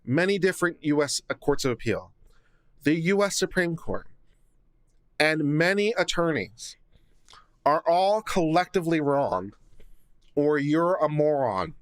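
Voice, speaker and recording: A man's voice: fairly high pitch, sing-song, normal speed, no echo. A man giving casual legal commentary, reading court filings aloud and mocking them with sarcastic asides, on a studio condenser mic. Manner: sarcastic, reads documents aloud then mocks them.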